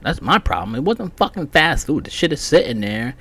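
A man's voice: a little high, very animated, a little fast, a bit bright, slightly rough. A man hosting his own podcast, telling a heated, profanity-heavy story in a casual rant. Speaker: podcast host.

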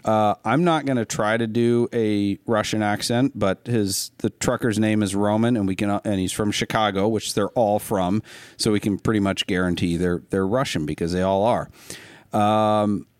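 A man's voice: fairly low pitch, fairly even intonation, moderate pace, a little mellow, no echo, studio quality. A man hosting a podcast, telling stories and giving advice in a rambling, casual way. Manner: rambling, many fillers and restarts, storytelling. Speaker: podcast host. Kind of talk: casual chat.

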